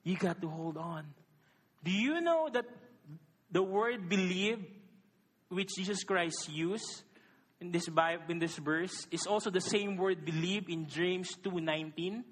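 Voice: medium pitch, unhurried. A preacher with a Filipino accent delivering a sermon, speaking emphatically, asking the congregation questions and mixing Tagalog into English. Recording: long reverb of a large hall.

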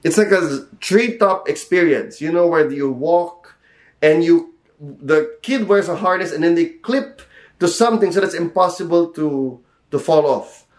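A man with a Filipino accent preaching a sermon, telling a personal story in a lively way and acting out the voices he quotes. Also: unhurried. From Philippines. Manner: animated storytelling, acts out quotes with sharp pitch jumps.

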